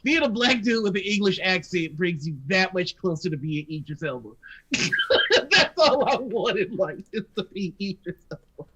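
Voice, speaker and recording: A woman's voice: mid-range voice, lively intonation, moderate pace, a bit bright, slightly rough, lo-fi sound. A woman from the United States hosting a livestream, loose and joking and often laughing. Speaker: host. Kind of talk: casual chat on a livestream.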